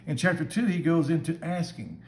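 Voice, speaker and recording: A man's voice: a little high, lively intonation, fairly quick, a little mellow. A man giving a short devotional Bible talk as a church minister, speaking in an earnest, conversational way. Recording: echoey room with faint background hum.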